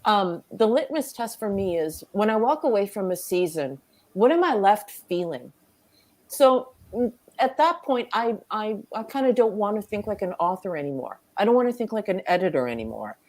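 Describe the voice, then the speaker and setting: A woman's voice: mid-range voice, very animated, normal speed, a little mellow. A woman on a casual review podcast, speaking in an earnest, thoughtful and opinionated way.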